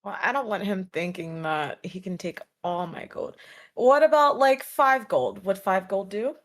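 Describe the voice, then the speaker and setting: A woman playing a noble in a tabletop game, mixing a haughty tone in character with soft hesitations. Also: mid-range voice, a little slow. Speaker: player. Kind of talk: tabletop role-play.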